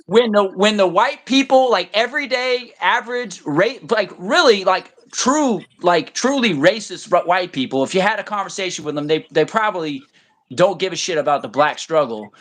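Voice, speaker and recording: A man's voice: high-pitched, lively intonation, normal speed, fairly bright tone. A man in casual chat, rambling and blunt, swearing freely and breaking into silly voices to mimic people. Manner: profane, blunt.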